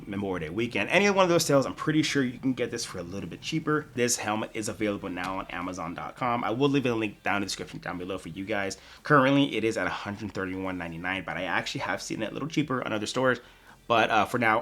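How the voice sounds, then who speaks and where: Fast-talking man reviewing a toy. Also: mid-range voice, pushed and bright. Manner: enthusiastic, chatty, addresses viewers directly. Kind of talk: product review vlog.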